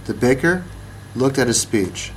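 Slow-reading man telling a storybook. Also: mid-range voice, animated, slight background noise, low-quality recording. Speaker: narrator.

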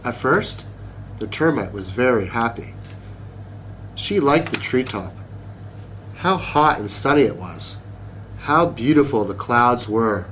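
A man reads a children's story aloud at an unhurried pace, his voice rising and falling with feeling. There is a faint hiss behind him. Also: mid-range voice. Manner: slow, expressive reading.

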